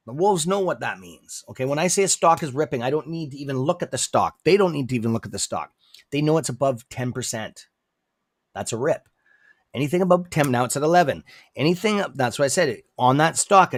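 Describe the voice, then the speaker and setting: A man with a non-native English accent runs a casual stock livestream, chatty and loose, repeating "okay?" and prone to sudden outbursts. His voice is mid-range, recorded at studio quality with no echo.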